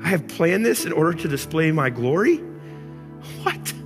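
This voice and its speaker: A man preaching a sermon as pastor, animated and acting out angry complaints before dropping to soft, intimate tones. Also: fairly high pitch, fairly quick. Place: church auditorium. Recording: church hall reverb with music.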